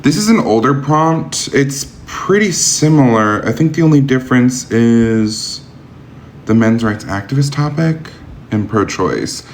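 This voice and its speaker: A man's voice: mid-range voice, expressive, a little slow, a little hiss or hum. A man hosting a live-streamed debate, talking bluntly with a sarcastic, argumentative edge.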